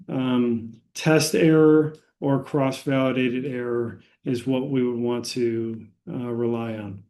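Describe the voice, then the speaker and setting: Slow-speaking American man lecturing. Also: mid-range voice, warm tone. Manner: frequent fillers and restarts, unhurried explaining. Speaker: statistics instructor.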